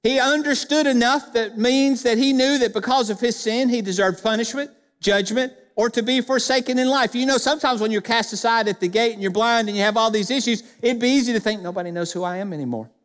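High-voiced male pastor in a reverberant church. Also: fairly even intonation, brisk, hardly any pauses, fairly bright tone. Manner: emphatic, addresses the church directly with questions. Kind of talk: sermon. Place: church sanctuary.

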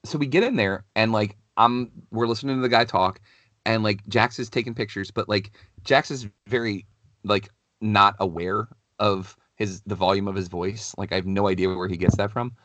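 Casual podcast co-host, man, middle-aged, deep and dry-sounding, talks loose with lots of fillers. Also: normal speed, dry recording. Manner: animated, rambling, many "like" fillers. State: has a cold, clears throat. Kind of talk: casual storytelling chat.

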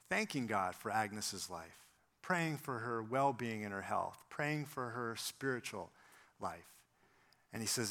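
Man preaching, telling stories, bright and forceful, does little voices for people. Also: mid-range voice, measured pace, creaky. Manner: animated storyteller, acts out quoted voices. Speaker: pastor. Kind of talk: sermon with storytelling.

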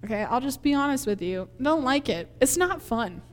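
High-voiced woman preaching in a hall. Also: brisk. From Minnesota, USA. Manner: animated storyteller, laughs often, acts out scenes. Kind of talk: conversational sermon with personal story.

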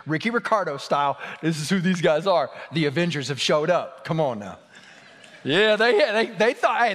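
Guy pastor preaching, chatty and honest, kinda higher voice, big echoey church hall. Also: fairly bright tone. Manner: conversational, candid, humorous storytelling. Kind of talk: sermon. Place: church sanctuary. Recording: long reverb of a large hall.

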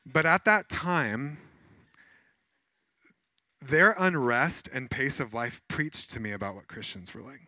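A man, a pastor, preaching a sermon in a conversational, animated way with many fillers as he tells personal stories. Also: mid-range voice, a little slow, dry recording.

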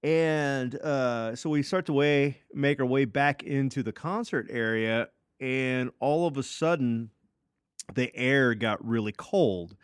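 Smooth-voiced man telling a story. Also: mid-range voice, slow, no echo, clean studio sound. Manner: loose and profane, full of fillers and restarts. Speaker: podcast co-host. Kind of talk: casual storytelling.

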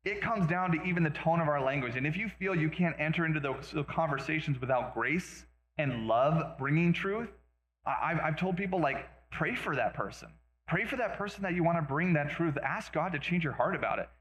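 A male pastor preaching a sermon in a conversational way, with quick asides and self-deprecating jokes. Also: a little high, fairly bright tone, reverberant, rough recording.

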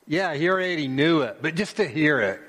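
A man preaching a sermon as pastor, slow and emphatic, pausing often and repeating phrases. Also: fairly high pitch, lively intonation, a bit bright. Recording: long reverb of a church hall.

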